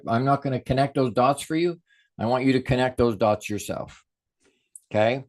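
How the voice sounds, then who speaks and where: Animated man lecturing with emphasis. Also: medium pitch. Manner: animated, emphatic, thinks aloud with restarts. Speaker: speaker on a podcast. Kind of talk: talk about communication.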